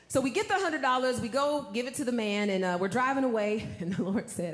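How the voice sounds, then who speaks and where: A woman preaches in a high voice, folksy and direct with the crowd. She drops to hushed tones and rises to shouts. The sound carries a roomy echo. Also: animated, brisk, few pauses. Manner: folksy, addresses the audience as y'all, swings from hushed to shouting. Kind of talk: sermon with storytelling.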